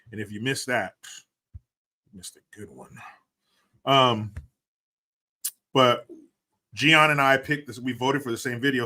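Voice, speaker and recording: Brash, bright-voiced male streamer. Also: mid-range voice. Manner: profane, joking and blunt. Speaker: livestream host. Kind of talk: casual livestream chat reading donations.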